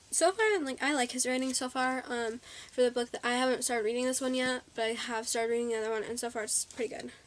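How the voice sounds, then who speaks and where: Rambling woman with a fairly high voice. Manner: rambling, full of ums and likes, corrects herself. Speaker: vlogger. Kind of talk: casual haul video chat.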